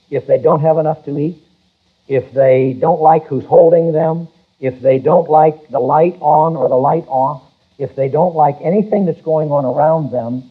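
Husky-voiced male pastor, emphatic sermon, lo-fi phone-like sound. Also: fairly high pitch. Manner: emphatic preaching, rises loud on key words, reads scripture slowly. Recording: tinny phone-like church recording.

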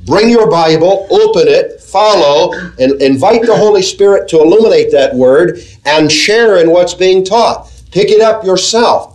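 A man preaching a sermon to a congregation, earnest and measured, asking them questions as he teaches. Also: on the high side, a little mellow, rough recording. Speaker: pastor.

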